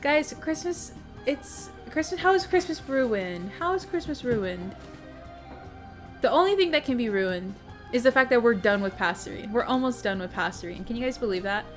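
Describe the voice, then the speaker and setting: A woman's voice: on the high side, animated, moderate pace. Bubbly young woman chatting with stream viewers. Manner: bubbly, chatty, greets chat by name, swears casually. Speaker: livestream host. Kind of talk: casual chat with livestream viewers. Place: home streaming setup. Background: faint music playing.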